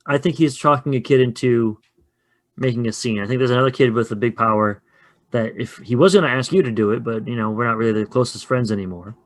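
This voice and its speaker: A man casually running a two-player tabletop game, chatty and quick to laugh. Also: medium pitch. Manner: chatty, laughs often, loose. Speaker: game facilitator. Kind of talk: casual actual-play chat.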